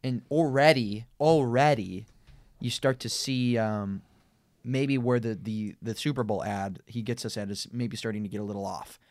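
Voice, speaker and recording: A man co-hosting a casual Bible discussion podcast, talking in an animated way with frequent laughs and restarts. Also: mid-range voice, normal speed, no room sound. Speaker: podcast co-host.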